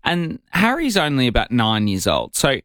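Lively man on breakfast radio. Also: moderate pace, dry recording, clean studio sound. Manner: animated storyteller with big pitch swings. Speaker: radio co-host.

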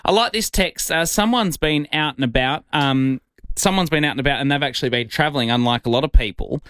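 An Australian-accented radio host with a slightly high, smooth voice talks fairly quickly on a studio mic with no room sound. His casual on-air chat is lively and enthusiastic.

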